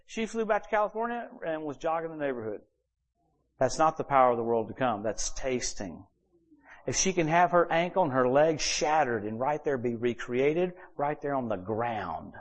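A man preaching at a church service, telling personal stories and acting out quoted dialogue with sudden jumps in loudness. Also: medium pitch, normal speed. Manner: animated storyteller who acts out quoted dialogue with sudden shifts in loudness. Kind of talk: sermon storytelling.

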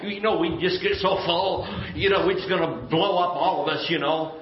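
A man's voice: a little high, fairly even intonation, crowd noise. Folksy preacher man, echoey church. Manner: folksy, emphatic, quick asides and laughs. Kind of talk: conversational sermon. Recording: echoey church room, dull lo-fi sound.

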